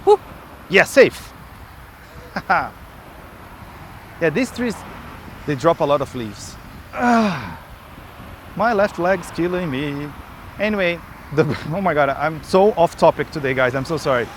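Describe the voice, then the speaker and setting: A skate-builder vlogger talks into a camera he holds or has strapped to his body while skating through an outdoor park, out of breath and rambling off topic. He's chatty and interrupts himself with asides, speaking slowly with frequent pauses in a somewhat high, lively voice. Slight background noise is audible.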